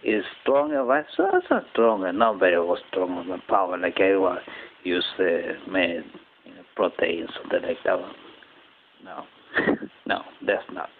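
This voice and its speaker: A man from Japan, rambling through a personal story in halting English with many restarts. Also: low voice, very animated, creaky. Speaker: channel host. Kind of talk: casual personal monologue. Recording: tinny phone-quality audio with faint noise.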